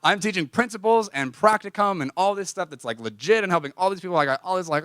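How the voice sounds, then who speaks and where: A young adult man tells a personal story from the pulpit, confessional and lively, jumping between voices. His voice sits slightly high. The sound is dry and close, with no room around it. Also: fast talker, no room sound. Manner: animated, confessional, acts out dialogue. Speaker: preacher. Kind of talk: storytelling sermon.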